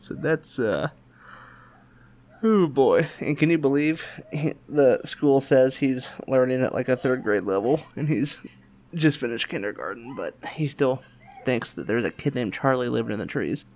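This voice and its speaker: A man's voice: normal speed, a little hiss or hum. A man, telling a family story in casual chat and acting out the quotes in raised voices. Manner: animated, acts out quotes in higher voices, laughs often. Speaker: podcast host.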